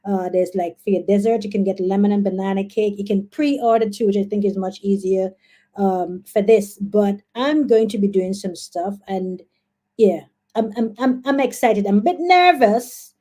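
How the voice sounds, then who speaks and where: A young woman with a Guyanese accent chats through a casual live stream, excitable and quick to exclaim. Her voice is mellow and warm, never sharp. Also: mid-range voice. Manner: chatty, excitable, laughs and exclaims often. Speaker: livestream host.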